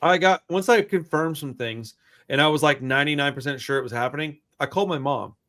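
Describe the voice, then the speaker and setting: A man hosting a podcast, telling a long story in a loose, profane, animated way. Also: fairly high pitch, fairly quick. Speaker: podcast host. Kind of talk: casual storytelling chat.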